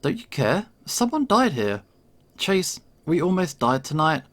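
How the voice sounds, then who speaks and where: A man voicing a calm, stern young woman in a visual novel, curt and measured. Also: on the high side, exaggerated voice.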